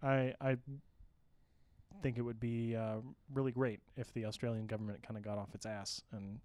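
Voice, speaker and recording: A man's voice: on the low side, level tone, normal speed, a little mellow, dry recording. A man hosting a gaming podcast, reading news items steadily with small restarts and casual asides. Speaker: host and news reader. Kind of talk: podcast news rundown with banter.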